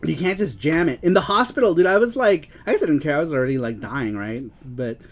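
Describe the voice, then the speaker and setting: A man's voice: on the high side, expressive, quick pace, faint music behind. A young man co-hosting a casual show who keeps breaking into fits of giggling. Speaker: podcast co-host. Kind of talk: casual chat.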